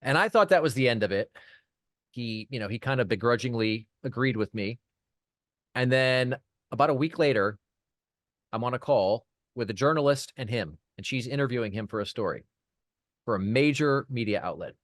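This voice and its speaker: Guy on a podcast telling a story, mid-pitch voice, super dry close sound, keeps restarting sentences. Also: moderate pace, dry recording. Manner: animated anecdote teller, many restarts. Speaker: podcast guest, PR firm founder. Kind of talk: casual storytelling interview.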